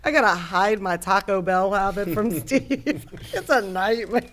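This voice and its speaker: A woman comedian chatting as a podcast guest, telling animated stories and laughing often. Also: mid-range voice, measured pace, a little hiss or hum. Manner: animated storyteller, laughs often, loud bursts. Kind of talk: casual podcast chat. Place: podcast studio.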